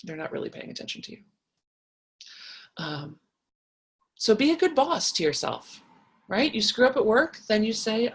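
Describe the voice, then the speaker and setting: A woman hosting a casual advice talk, reading viewer comments and answering them in an animated, frank way with many restarts. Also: a little high, moderate pace, pauses often, breathy edge.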